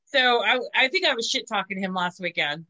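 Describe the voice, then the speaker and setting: A woman's voice: mid-range voice, expressive, fairly quick, sharp tone. A woman hosting a casual podcast chat, telling crude stories with lots of giggles and "you know.". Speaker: podcast host.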